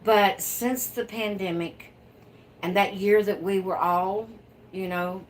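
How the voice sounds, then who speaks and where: This is a woman hosting her own live video from home, reading out viewer comments in a relaxed, chatty way. She speaks slowly in a mid-pitched voice and often breaks into laughter. A light background hum sits under her voice. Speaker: livestream host.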